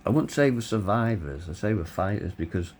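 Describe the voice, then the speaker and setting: A middle-aged man telling his own story in a blunt, candid way, swearing freely, his voice tired and hoarse. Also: lowish voice, lively intonation, fairly quick, a little mellow, slight background noise. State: hoarse, voice tiring. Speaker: vlogger. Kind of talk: personal storytelling.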